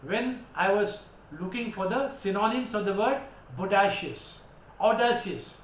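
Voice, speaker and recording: A man's voice: high voice, measured pace. A man with an Indian English accent teaching vocabulary, spelling words out and switching into Hindi to explain. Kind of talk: vocabulary lesson. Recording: echoey room with faint background noise.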